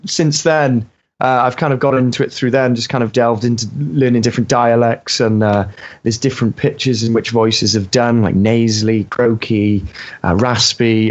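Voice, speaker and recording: A young Welshman with a Welsh accent, chatting as a guest, hesitant and full of ums. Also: mid-range voice. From Wales. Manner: hesitant, many ums and uhs. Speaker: guest voice actor. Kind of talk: casual interview chat. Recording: dull lo-fi audio.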